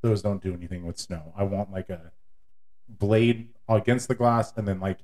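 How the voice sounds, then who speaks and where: A man co-hosting a podcast, chatting in a relaxed, rambling way with lots of fillers. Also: on the low side, normal speed. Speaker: podcast co-host. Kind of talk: casual chat.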